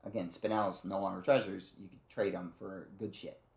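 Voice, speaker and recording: A man's voice: deep voice, flat delivery, normal speed, gravelly, darkish tone, echoey room. A man giving a casual, rambling game review, swearing freely and acting out character lines. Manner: rambling, profane, acts out character lines in quotes.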